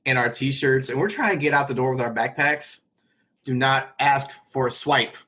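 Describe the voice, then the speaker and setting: A man's voice: medium pitch, normal speed, pushed and bright. Frank male co-host making side notes. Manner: frank, addresses listeners with asides. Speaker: podcast co-host, restaurant manager. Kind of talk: casual chat.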